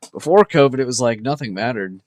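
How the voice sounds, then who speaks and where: With a mid-range, darkish voice and no room sound, a young trading livestreamer talks with his viewers in a loose, excited way. He responds to the chat and doesn't hold back on the profanity.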